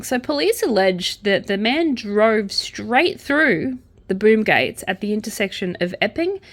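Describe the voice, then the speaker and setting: A young Australian woman reads crime stories aloud in a casual, chatty way. She keeps interrupting herself with dry, sarcastic remarks, and her voice sits at a mid pitch. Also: fairly bright tone. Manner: sarcastic asides between read-out news items. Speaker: podcast host reading crime news. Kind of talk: casual chat reading news aloud.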